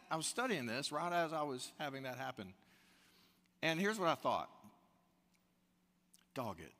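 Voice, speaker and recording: A man preaching a sermon, telling stories and acting out quoted lines, calling the congregation y'all. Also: a little high. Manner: animated storytelling with quoted asides, addresses the congregation as y'all. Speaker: pastor. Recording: long hall reverb.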